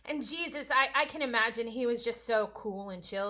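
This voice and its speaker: A woman's voice: on the high side, brisk, few pauses, sharp tone. A woman teaching a casual home-school science lesson, chatty, playful and encouraging.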